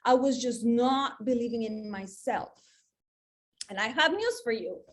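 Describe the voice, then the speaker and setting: A woman's voice: a little high, expressive, a little slow. A woman in her forties, a sales manager, telling her own story in an earnest, emotional motivational talk, saying "like" a lot. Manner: emotional, earnest, says "like" often.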